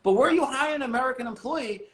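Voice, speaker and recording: A man talking as a podcast guest, blunt and animated, swearing casually. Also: extremely high pitch, racing, echoey room. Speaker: guest, business owner.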